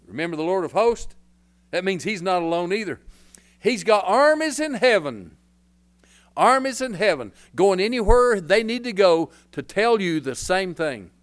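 Folksy older preacher, high voice. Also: male voice, very animated, moderate pace. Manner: folksy, rambling, bursts into hollers. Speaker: pastor. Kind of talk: sermon.

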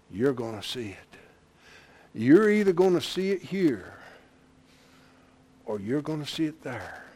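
A man preaching a sermon, moving from quiet retelling to loud, impassioned shouting with chuckles. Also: medium pitch, slightly rough.

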